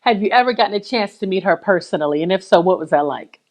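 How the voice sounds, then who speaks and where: Expressive woman asking interview questions. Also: medium pitch, quick pace. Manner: warm praise, frequent listening "mm-hmm". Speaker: interview host.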